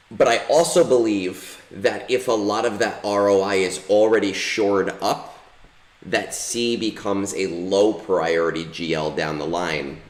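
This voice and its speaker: A man's voice: sits low, echoey room. A man streaming a mobile game, rambling casually with many fillers and restarts while he plays. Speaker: gaming streamer. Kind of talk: casual livestream commentary while playing.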